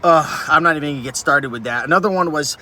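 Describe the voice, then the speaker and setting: Guy venting in his car, high voice, bright and tense, says like a lot. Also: fast, slight background noise. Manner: fired-up, passionate rant with many "like"s. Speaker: reselling YouTuber. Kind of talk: ranting vlog to camera. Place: inside a vehicle.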